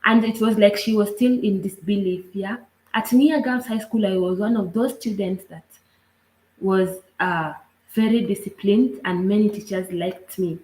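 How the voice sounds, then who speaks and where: A Kenyan woman tells a personal story in an earnest, halting way, often pausing on little asides. Her voice sits at a middle pitch. The room around her has a noticeable echo. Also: a little mellow. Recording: roomy echo.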